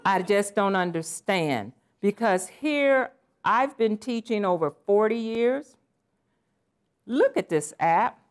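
Animated woman presenting with flair. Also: medium pitch, slow. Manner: animated, playful, exclamatory. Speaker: conference presenter. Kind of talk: live conference presentation. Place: conference session room.

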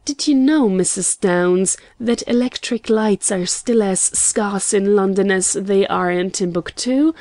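A woman reading the part of an excitable, earnest young gentleman in a storybook, with slow, mellow delivery. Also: medium pitch, no room sound, close to an everyday voice. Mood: excited. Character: eager young gentleman traveler.

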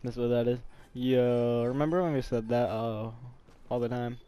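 A man's voice: medium pitch, steady tone, moderate pace, dark tone, a little hiss or hum. A young man and student rambling through casual gameplay commentary, talking to his viewers and cursing freely. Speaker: gamer.

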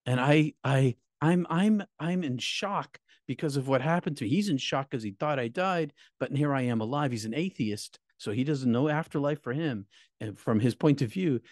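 A middle-aged man and minister recounting his near-death experience in an emotional, halting way, repeating words, his voice climbing high at painful moments. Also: animated, a little mellow, no room sound, studio quality. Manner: halting, repeats words, voice rising high when reliving pain. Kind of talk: emotional personal storytelling.

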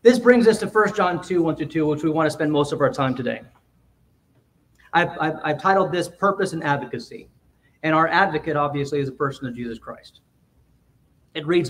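High-voiced pastor preaching from afar. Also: male voice, lively intonation, fairly quick, pauses often, a bit bright, recorded from a distance. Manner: explanatory, restarts phrases, asks the congregation questions. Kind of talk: expository sermon. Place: church sanctuary.

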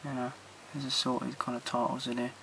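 A man's voice: mid-range voice, level tone, brisk, vocal fry, a bit bright, slight background noise. A man walking through his film collection at home in a casual, rambling way, blunt and opinionated, swearing freely and trailing off between titles, recorded on a handheld camera.

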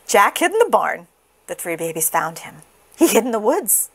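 A woman reading a children's picture book aloud in a slow, expressive sing-song. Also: mid-range voice, breathy edge. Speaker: storybook reader.

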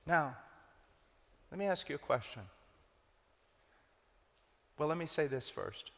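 A man preaching a sermon, emphatic, rising to urgent loud peaks and dropping to low hushed stress. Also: expressive, takes it slowly, vocal fry, big-room sound.

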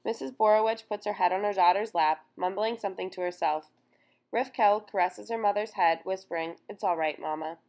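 A woman reading a first-person memoir aloud in a solemn, measured way. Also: medium pitch, fairly even intonation, darkish tone. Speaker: audiobook narrator.

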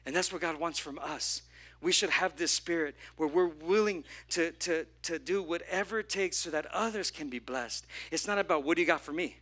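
A man preaching a lively sermon at a church service. He acts out the people in his story and asks the congregation questions. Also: a little high, normal speed. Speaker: pastor.

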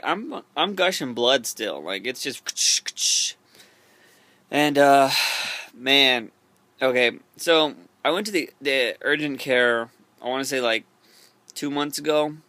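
A man's voice: mid-range voice, pushed and bright, no room sound. A young man casually telling a story to camera in a rambling, profane way, full of fillers and restarts. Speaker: vlogger.

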